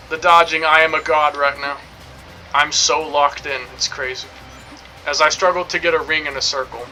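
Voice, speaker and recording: A man's voice: on the high side, steady tone, moderate pace, sharp tone, soft background music, low-quality recording. A young man streaming a game, rambling and joking in casual commentary, swearing now and then.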